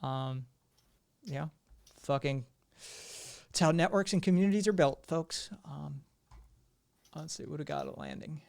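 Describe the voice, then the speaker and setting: A man's voice: on the high side, sing-song, unhurried, creaky, pauses often, darkish tone. A man hosting a live stream, talking in a rambling way with lots of fillers and restarts. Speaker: streamer host.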